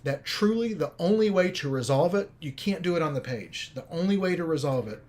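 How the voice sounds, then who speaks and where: A man, a film director, talking casually on a livestream and telling a story in a rambling, animated way with many fillers. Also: fairly high pitch, a little fast.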